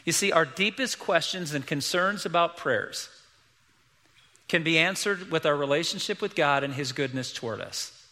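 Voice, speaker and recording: A man's voice: fairly high pitch, moderate pace, bright, forceful tone, in a large hall. A middle-aged man preaching a sermon as pastor, emphatic and repeating key lines, acting out quoted voices.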